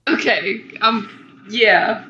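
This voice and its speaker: A woman's voice: mid-range voice, sharp tone, slight background noise. A woman co-hosting a podcast, teasing her partner in a dry, casual way. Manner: dry, teasing, slow-spoken. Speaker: podcast co-host. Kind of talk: casual chat. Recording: echoey, dull-sounding room mic.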